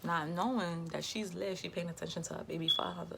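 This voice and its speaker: A young woman, telling a casual storytime in a lively, slangy way and quoting herself and others. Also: lowish voice, brisk, gravelly, very noisy. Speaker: vlogger.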